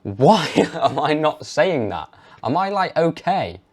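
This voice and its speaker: A man's voice: a little high, very animated, slow pace, slightly rough. A young man giving emphatic health advice straight to camera in a vlog. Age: young adult. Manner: emphatic, mocks hesitant speech. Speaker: health vlogger. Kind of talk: direct-to-camera advice monologue.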